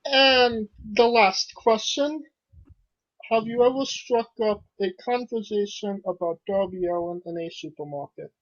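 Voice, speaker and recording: Female host, slow and measured, muffled dry recording. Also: mid-range voice. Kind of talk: casual interview hosting. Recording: dull dry sound.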